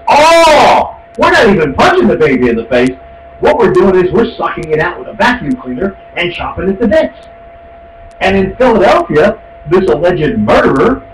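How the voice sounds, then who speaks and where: Man, talk radio host, ranting, insulting, higher-pitched, roomy echo, clear hum behind. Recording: echoey, distant, with hum.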